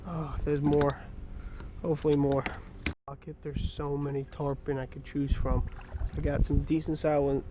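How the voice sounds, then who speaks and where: Male angler, high mellow voice, unhurried, casual running commentary from a kayak with faint background hiss. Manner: excitable, shouts in bursts when fish strike; mutters quietly to himself while waiting. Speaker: angler filming his fishing trip. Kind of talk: casual fishing vlog commentary.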